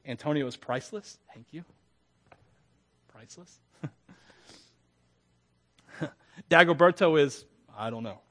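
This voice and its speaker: High-voiced, animated preacher laughing through a story. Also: male voice. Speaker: pastor. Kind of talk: sermon.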